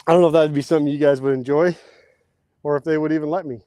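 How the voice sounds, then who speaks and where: A man's voice: a little high, steady tone, very fast, dark tone, no room sound. A man, hosting a casual outdoor livestream and chatting with viewers while he works. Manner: chatty, reads out viewer comments. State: out of breath at times. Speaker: livestream host. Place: outdoors, digging post holes.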